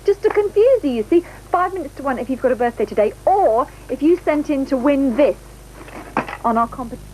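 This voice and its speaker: Brief: female children's TV host, bubbly and chatty, high and very lively, old broadcast audio under faint music. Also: brisk, a little hiss or hum, rough recording. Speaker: TV presenter. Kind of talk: children's TV birthday slot.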